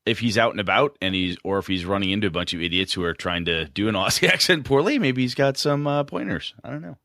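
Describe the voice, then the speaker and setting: A man with a very low voice co-hosts a gaming podcast. He talks in a rambling, hedging way, stopping and restarting often. The sound is close and dry. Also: expressive, quick pace, sharp tone, no room sound. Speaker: podcast co-host. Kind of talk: casual podcast chat.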